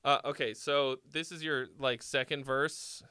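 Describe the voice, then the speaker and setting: A man's voice: mid-range voice, steady tone, measured pace, loud music behind the voice. A man casually critiquing a listener's song as host, rambling with lots of fillers and the odd swear. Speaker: host reviewing viewer songs.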